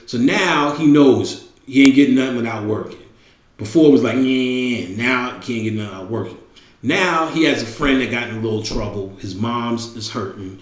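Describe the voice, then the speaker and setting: A man's voice: medium pitch, normal speed. Blunt, swearing middle-aged man, roomy sound. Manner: blunt, heavy swearing, repeats phrases. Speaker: show host. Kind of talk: casual profane monologue. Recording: roomy, dull lo-fi recording.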